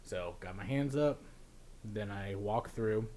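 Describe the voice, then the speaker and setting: A young man telling a story in casual chat, laughing often and mimicking officials in a lower, quieter voice. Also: takes it slowly.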